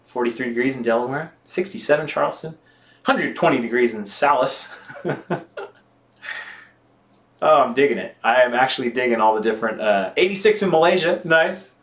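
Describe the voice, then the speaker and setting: A chatty man from the United States with an everyday mid-range voice, laughing easily as he reads out viewer comments on a live stream. The sound is roomy, with a clear echo around him. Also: mid-range voice, normal speed, a bit bright. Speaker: mountain bike vlogger washing his bike on a live stream. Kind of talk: casual live-stream chat.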